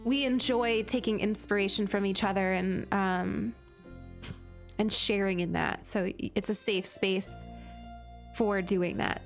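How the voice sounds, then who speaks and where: With soft music playing in the background, this streamer talks casually and enthusiastically during her game, saying "like" a lot. She speaks unhurriedly in a medium-pitched, fairly even voice.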